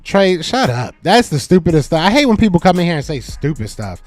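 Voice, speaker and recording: On a sports talk live stream, a podcast host with a slightly high voice speaks briskly and animatedly over faint music, with no echo. He talks back to chat commenters, repeating teasing jabs several times.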